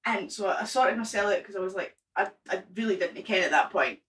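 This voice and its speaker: A woman in her twenties telling an embarrassing story on a casual podcast, animated and sweary, laughing at herself. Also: mid-range voice, brisk, recorded from a distance, poor audio. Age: 20s. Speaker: guest.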